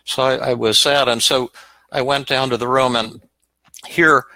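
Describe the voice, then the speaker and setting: Older man, gravelly voice, bright tone, halting gentle storytelling, dry close sound. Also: medium pitch, steady tone, no room sound, low-quality recording. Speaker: psychiatrist and podcast host. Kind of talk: personal story told in a live Q&A.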